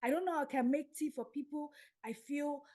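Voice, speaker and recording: A middle-aged woman recounts a personal story as a podcast guest. She tells it in an animated way, acting out the voices of the people in it. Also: high-pitched, a little fast. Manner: animated, acts out dialogue. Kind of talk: storytelling in an interview.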